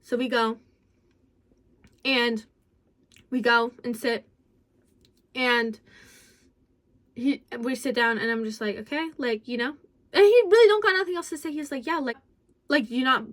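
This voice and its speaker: A woman telling a story in a casual vlog, rambling with lots of fillers, swearing freely and jumping abruptly in pitch and loudness. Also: measured pace, pauses often. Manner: sudden jumps in pitch and loudness. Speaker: vlogger.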